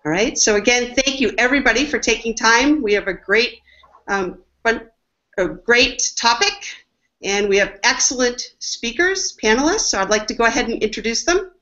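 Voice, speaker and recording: Woman, webinar host, upbeat and enthusiastic, fairly high voice, muffled lo-fi sound. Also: normal speed, bright, forceful tone. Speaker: webinar host, marketing executive. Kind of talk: hosting a business webinar. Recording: dull lo-fi webinar audio.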